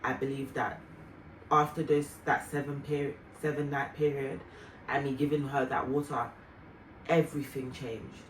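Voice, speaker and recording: A woman vlogger and mother telling a heartfelt personal story in an earnest, reflective way, with soft fillers. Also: rumbling low, level tone, normal speed. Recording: roomy, distant mic, faint noise.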